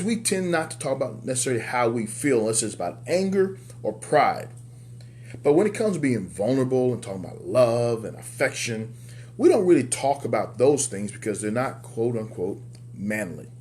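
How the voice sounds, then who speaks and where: A man with an ordinary, middle-pitched voice gives a motivational talk to other men. He preaches with emphasis and hammers key words through repetition. His pitch leaps up high whenever he lands a point, over a faint hum. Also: big pitch swings, normal speed, darkish tone. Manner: jumps up in pitch on punch lines. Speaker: men's life coach and show host.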